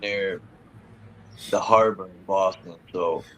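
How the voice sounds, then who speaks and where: A man's voice: low voice, steady tone, takes it slowly, a bit bright, lo-fi sound, slight background noise. A man hosting a casual, rambling chat, talking loosely with frequent swearing and restarts. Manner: rambling, profane, loose and conversational.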